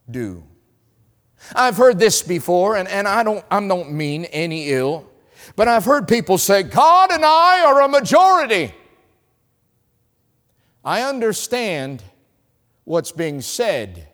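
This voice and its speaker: A man with a Southern US accent from North Carolina preaching a sermon as an evangelist, telling stories and swinging between loud lines and hushed ones. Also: a little high, long reverb tail. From North Carolina, USA.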